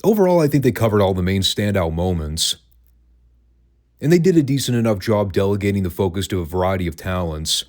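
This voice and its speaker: A man's voice: low voice, lively intonation, a little fast, darkish tone. A man hosting a solo podcast, talking in a wry, sarcastic, conversational way. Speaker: wrestling podcast host. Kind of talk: casual commentary, solo podcast.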